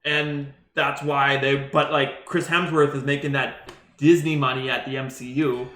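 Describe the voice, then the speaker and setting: Young man, Canadian accent, bright and tense tone, quick restarts, roomy sound. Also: mid-range voice, little pitch movement. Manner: rambling, quick, full of restarts. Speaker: podcast co-host. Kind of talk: casual chat. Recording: echoey room.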